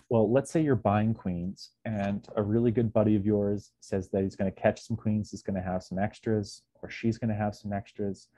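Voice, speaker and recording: Man, slide lecture, casual with ums, low mellow voice, dry sound. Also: no room sound. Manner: casual, lots of ums, acts out dialogue. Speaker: beekeeping presenter.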